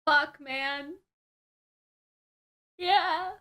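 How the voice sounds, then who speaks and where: A woman's voice: high voice, very slow, bright, forceful tone. A woman hosting an anime reaction, commenting casually, thinking aloud and swearing freely in surprise. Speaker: anime reaction channel host.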